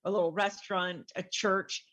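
A woman's voice: mid-range voice, flat delivery, moderate pace, a bit bright. A middle-aged woman, a guest author, telling her story in a casual interview and animatedly acting out the voices she quotes.

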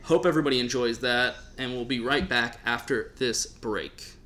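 A man's voice: mid-range voice, normal speed, noisy background. A man hosting a podcast, chatting casually in a joking, rambling way with the odd swear. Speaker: podcast host.

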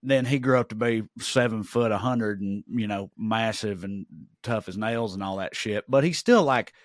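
A man's voice: lowish voice, normal speed, dry recording, studio quality. A man hosting a comedy podcast, joking about himself in casual chat and trailing off with fillers. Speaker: podcast host.

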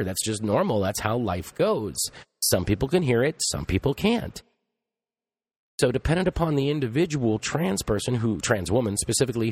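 A man's voice: mid-range voice, a little mellow, slightly rough. Rambling middle-aged man musing aloud. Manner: rambling, thinking aloud with frequent restarts. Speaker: podcast host. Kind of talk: casual monologue.

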